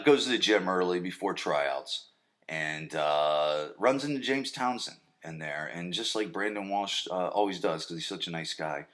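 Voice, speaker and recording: A young man chats through a TV episode recap on his podcast, his voice sitting a little low. He rambles loosely, circling back with fillers and false starts. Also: fairly bright tone. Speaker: podcast host.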